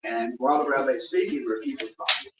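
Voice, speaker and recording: A man's voice: mid-range voice, quick pace, far from the mic, background noise. A man telling an anecdote to a live audience at a memorial gathering, acting out the people in his story. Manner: animated, acts out the voices in his stories. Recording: dull, echoey room miked from afar, audience audible.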